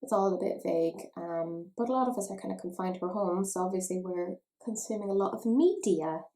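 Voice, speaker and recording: Speaking fairly quickly in a lowish, warm voice, this Irish woman chats through a casual makeup tutorial for her beauty vlog. She does her makeup at home, teasing herself playfully along the way, and the recording quality is low.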